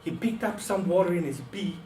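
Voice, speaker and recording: A man tells a folk tale as a speech, expressive and dramatic in his delivery. His voice sits fairly high and moves slowly. It is picked up from a distance in an echoing meeting room, with faint noise behind. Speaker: club speaker. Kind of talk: storytelling speech.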